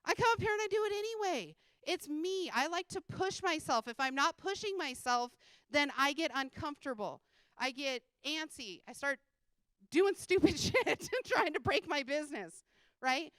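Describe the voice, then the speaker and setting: A woman giving an energetic motivational talk on a conference stage, speaking bluntly and casually, swearing freely and laughing often. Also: sits high, moderate pace, dry recording. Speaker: conference speaker and sales coach. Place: conference stage before a live audience.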